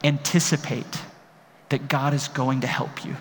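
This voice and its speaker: A man's voice: medium pitch, level tone, measured pace, fairly bright tone, in a large hall, a little hiss or hum. A man preaching a sermon as a pastor, emphatic and building to impassioned peaks, speaking in a large room.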